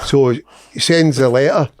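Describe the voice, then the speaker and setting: A man's voice: medium pitch, steady tone, moderate pace, darkish tone. A middle-aged Scottish man, a guest comedian telling a rude anecdote on a podcast, swearing and laughing as he talks.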